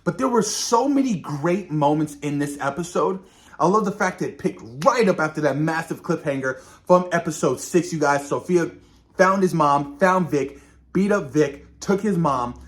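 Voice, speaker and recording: Man, casual review talk, animated delivery, higher-pitched, talks straight to viewers. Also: normal speed. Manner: animated, addresses viewers as "you guys", acts out characters' lines. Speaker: reaction video host.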